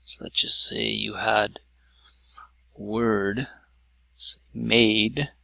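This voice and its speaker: Slow, gravelly man teaching a lesson. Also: fairly low pitch, flat delivery, bright, forceful tone, dry recording. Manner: slow, stepwise explaining with many "so"s. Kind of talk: whiteboard lesson.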